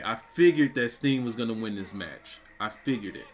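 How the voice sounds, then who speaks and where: A young man reacting live on camera for his review channel, stunned and repeating exclamations, with bursts of shouting. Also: fairly low pitch, expressive, moderate pace, hardly any pauses. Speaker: wrestling reviewer.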